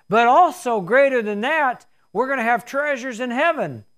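Earnest guy preaching, high-ish voice, lots of restarts. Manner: earnest, repetitive, with frequent restarts. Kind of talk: sermon.

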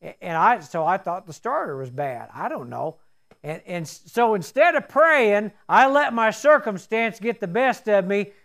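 Delivering a down-home sermon at a moderate pace, this high-voiced, middle-aged preacher sounds animated and a bit bright, with some vocal fry. Between his points about faith he slips into folksy tales and plain talk.

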